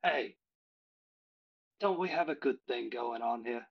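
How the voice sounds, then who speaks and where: A game master playing a scheming male orc crime boss who talks in a gruff, businesslike way, in a tabletop game stream. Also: mid-range voice, a little slow, highs cut off. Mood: bargaining.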